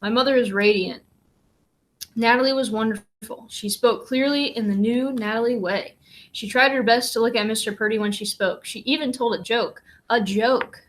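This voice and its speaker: A woman's voice: fairly high pitch, moderate pace. A woman reading chapters of a novel aloud, with brief plain asides between them. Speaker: reader and commentator.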